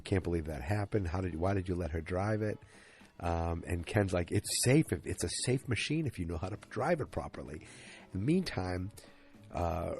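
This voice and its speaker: A man's voice: sits low, darkish tone. A tired man hosting a podcast, recapping an episode in a rambling, casual way full of restarts and fillers. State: tired, yawning. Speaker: podcast host.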